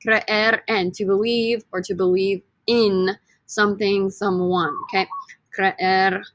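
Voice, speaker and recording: A woman's voice: mid-range voice, flat delivery, takes it slowly, no echo. A woman teaching a Spanish vocabulary lesson with repeat-after-me drills, playful and upbeat, joking with her students.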